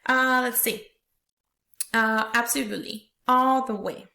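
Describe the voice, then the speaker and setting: A woman teacher with a somewhat high voice leads a reading lesson for young children. She works through the text step by step and keeps checking in with "right?". The recording has a roomy echo. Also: unhurried, creaky, sharp tone. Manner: explains step by step, tags questions with "right?".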